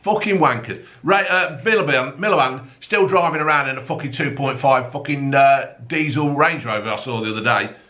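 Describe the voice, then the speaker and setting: A man's voice: medium pitch, a little fast, hardly any pauses, bright, forceful tone. A middle-aged man with a blunt, sweary, mocking manner, rambling through the tabloid news as a comic rant. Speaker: comedic news commentator.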